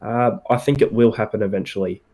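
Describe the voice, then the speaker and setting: A man co-hosting a podcast, giving firm opinions in relaxed casual chat with plenty of fillers. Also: lowish voice, fairly quick. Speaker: podcast co-host.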